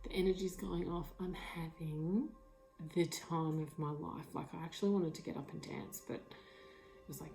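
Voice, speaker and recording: A woman with a dark, mellow voice and a gravelly edge tells her story with excitement. She drops into whispers and swears now and then, full of fillers. Faint music sits behind her on a lo-fi tablet recording. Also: lowish voice, measured pace, pauses often. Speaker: vlogger. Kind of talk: emotional personal storytelling. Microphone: tablet mic.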